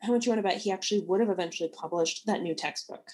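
A woman co-hosting a casual book-talk show, enthusiastic and quick to laugh as she gives her opinions. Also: mid-range voice, a little mellow, breathy edge. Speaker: podcast co-host.

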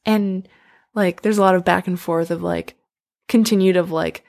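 Gravelly low woman, casual retelling. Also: steady tone, normal speed, a little mellow. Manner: loose, filler-heavy retelling with lots of "like". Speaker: storyteller retelling an opera plot. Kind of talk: casual chat.

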